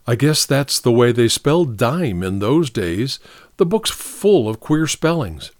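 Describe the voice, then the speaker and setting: A man's voice: medium pitch, big pitch swings, measured pace, no room sound, clean studio sound. Cool, plain-spoken young farm woman, voiced by a male narrator. Storybook read. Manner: cool, matter-of-fact.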